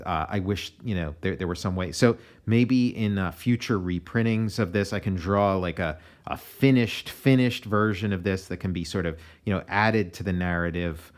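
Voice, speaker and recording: American comic artist guy chatting casually about his pages, lowish voice, kinda meandering. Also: moderate pace. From United States. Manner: relaxed and meandering, often restarting sentences.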